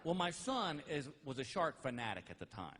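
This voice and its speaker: High, lively stand-up comedian man. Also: normal speed. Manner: animated, exaggerated, slipping into voices and shouts. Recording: noisy live stand-up album recording.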